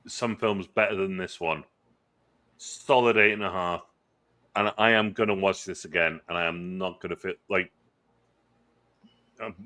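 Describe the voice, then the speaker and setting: A man's voice: low-pitched, pushed and bright. A man co-hosting a casual movie review podcast, enthusiastic and rambling, swearing and restarting his sentences. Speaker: podcast co-host. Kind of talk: casual chat.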